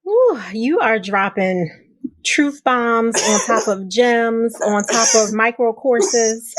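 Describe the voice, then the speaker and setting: A woman hosting a podcast interview, effusive and animated, laughing often as she praises her guest. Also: a little high, slow. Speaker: podcast host. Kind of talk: casual interview chat.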